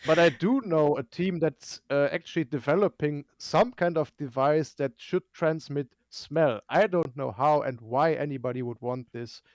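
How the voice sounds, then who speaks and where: A man's voice: on the high side, moderate pace, hardly any pauses, darkish tone, no echo. A man from Germany, a guest on a casual live stream, explaining things at length with dry humor.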